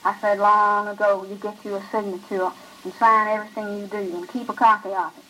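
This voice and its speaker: A woman's voice: mid-range voice, a little fast, slight background noise, close to an everyday voice, low-quality recording. A woman reading a grim drawling outlaw. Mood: brooding. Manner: flat rural drawl, grim and matter-of-fact. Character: cold, brooding male outlaw who kills calmly.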